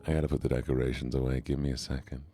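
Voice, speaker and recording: A man who is feeling sick, soft-spoken and gentle while hosting a gaming stream. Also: extremely low pitch, little pitch movement, racing.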